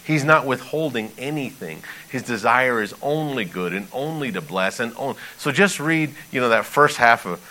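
A man preaching a sermon in an animated, conversational way, reading scripture and pleading with emphasis. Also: medium pitch, moderate pace, few pauses, rough recording. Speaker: pastor.

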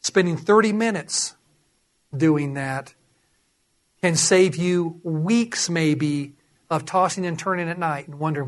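High-pitched man preaching, animated, acts out voices. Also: slow. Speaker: pastor. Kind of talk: sermon.

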